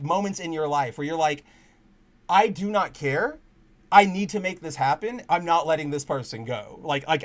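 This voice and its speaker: A young man hosting a casual podcast, telling a rambling, excitable story full of restarts and swearing. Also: sits high. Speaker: podcast host.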